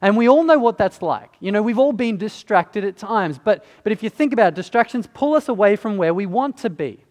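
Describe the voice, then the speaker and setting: A man with a notably high voice delivers a sermon, speaking conversationally and turning often to question his listeners. His voice trails off into a long reverb, like a large hall. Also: animated, brisk, few pauses. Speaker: preacher.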